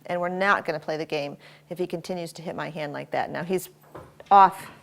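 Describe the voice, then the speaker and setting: A woman dog trainer demonstrating at home, giving short firm commands and quick praise while explaining each step. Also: low-pitched, vocal fry, fairly bright tone. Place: home, indoors.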